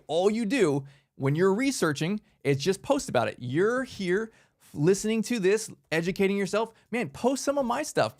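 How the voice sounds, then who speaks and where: A man hosting a motivational business workshop, talking in a casual, energetic way and often tagging lines with "man" and "right?". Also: high-pitched. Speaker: workshop host.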